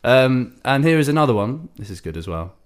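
A man's voice: medium pitch, very animated, fairly quick, clear, resonant tone. A man co-hosting a casual comedy podcast, telling stories, laughing often and acting out other people's lines. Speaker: podcast co-host.

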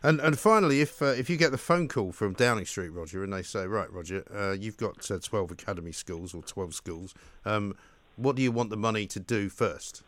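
A man's voice: on the low side, brisk, fairly bright tone. A man hosting a live radio talk show, chatty and affable, with frequent fillers. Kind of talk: live radio phone-in chat. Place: radio studio.

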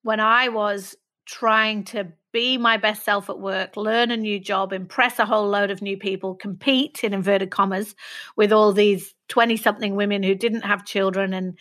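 Middle-aged woman from England, clear bright tone, open and self-reflective guest. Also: medium pitch, steady tone, moderate pace. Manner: earnest and self-reflective, laughing at herself. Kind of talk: candid conversational interview.

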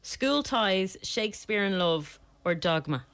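A woman's voice: medium pitch, lively intonation, takes it slowly, a bit bright, smooth. A woman, co-hosting and running a quiz in casual chat. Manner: teasing, matter-of-fact quizmaster. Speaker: radio co-host.

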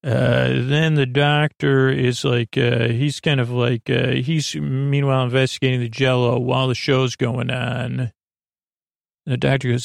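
Gravelly flat-voiced man rambling a recap. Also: medium pitch, dry recording, studio quality. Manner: rambling, halting, many ums and uhs. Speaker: podcast host. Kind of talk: sleepy casual episode recap.

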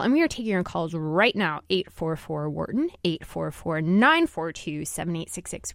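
A woman's voice: mid-range voice, no echo, clean studio sound. Upbeat chatty woman radio host. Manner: upbeat and chatty, laughs often. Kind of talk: radio talk show. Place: radio studio.

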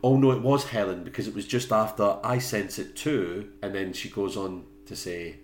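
A man's voice: lowish voice, brisk. Wry man, echoey room. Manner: wry, exasperated, joking. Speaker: podcast co-host. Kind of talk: casual film review chat. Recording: echoey room with faint noise.

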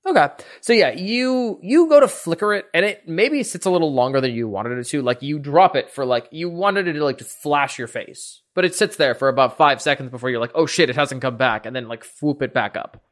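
Lively, animated male game master. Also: a little high, fairly quick, hardly any pauses. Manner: animated, dramatic repetition in narration. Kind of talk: narrating a tabletop game.

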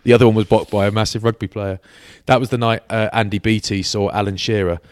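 British man, low voice, dry close sound. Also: fast, dry recording. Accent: British English. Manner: laddish banter, lively anecdotes with acted quotes. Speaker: podcast co-host. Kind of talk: casual chat, storytelling.

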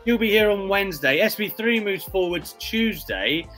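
Bright-voiced chatty male podcast host. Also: high-pitched, lively intonation, normal speed, faint music behind. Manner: chatty, rambling with restarts. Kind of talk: casual wrestling chat.

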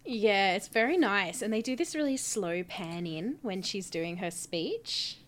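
A woman co-hosts a casual podcast chat, her pitch bouncing all over as she talks. She giggles often and keeps the talk animated. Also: unhurried. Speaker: podcast co-host.

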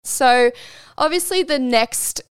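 A woman in her twenties with an Australian accent, hosting a podcast and telling a personal story in a frank, animated way, swearing freely. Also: high-pitched, takes it slowly, clean tone, no echo, studio quality. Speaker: podcast host. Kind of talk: casual storytelling monologue.

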